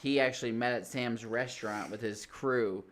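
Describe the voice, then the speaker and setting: A man co-hosting a casual podcast chat about a TV episode, relaxed and jokey. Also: mid-range voice, moderate pace. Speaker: podcast co-host.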